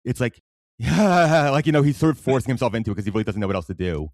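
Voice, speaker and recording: A man with a New York accent co-hosting a podcast, telling stories in an animated way with many restarts. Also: lowish voice, racing, no echo, studio quality. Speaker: podcast co-host. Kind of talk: casual chat.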